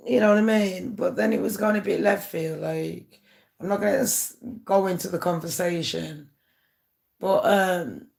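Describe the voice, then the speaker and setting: Gravelly, darkish and on the low side, a woman's voice addresses viewers head-on. As a YouTuber, she gives a casual monologue to camera that's candid and aggrieved.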